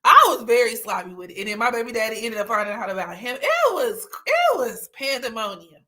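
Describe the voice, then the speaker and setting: A young woman talks in a bright, slightly high voice, chatting casually on a livestream. She tells candid stories with a lot of laughter and breaks now and then into exaggerated, teary mock pleading. Her delivery is loose and unfiltered. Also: big pitch swings, fairly quick. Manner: candid storytelling with frequent laughter; swings into dramatic, teary mock outbursts. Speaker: livestream host. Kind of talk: casual chat.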